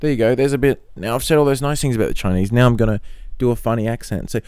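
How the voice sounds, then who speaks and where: A man's voice: mid-range voice, very fast, darkish tone, clean tone, dry recording. A man casually rambling through a solo podcast monologue, full of swearing and offhand jokes. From not from Australia. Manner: rambling, profane, joking. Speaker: podcast host. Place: in Australia.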